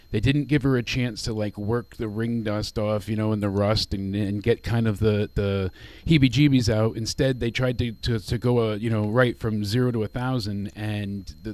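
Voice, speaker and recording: A man's voice: lowish voice, a little mellow, no echo. A man co-hosting a casual wrestling review with a slightly froggy voice, rambling and repeating words as he talks. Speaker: podcast co-host.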